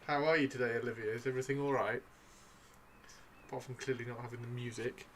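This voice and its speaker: Bright, playful man streaming. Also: medium pitch, fairly even intonation, fast talker, long pauses. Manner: rambling, playful, sing-song teasing. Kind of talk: casual live-stream chat while painting miniatures.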